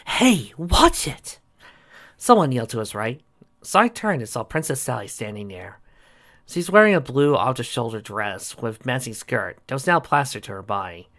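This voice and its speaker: A man narrating a fan-made story, reading aloud with animated delivery. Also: mid-range voice, moderate pace.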